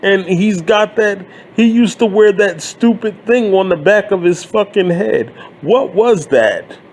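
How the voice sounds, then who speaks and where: A man in his thirties delivers a profane, sarcastic rant in a fairly high voice. He talks slowly and bluntly, leaning into each complaint. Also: lively intonation, a little mellow. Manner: blunt, sarcastic, swears freely. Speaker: wrestling commentary YouTuber. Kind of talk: profane ranting monologue.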